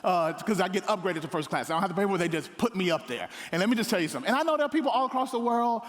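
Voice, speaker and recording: A middle-aged male pastor telling funny stories in a lively, joking sermon. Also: high voice, very fast. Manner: animated, joking, with playful voices for others. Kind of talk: comedic sermon storytelling. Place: large hall on stage. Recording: long hall reverb.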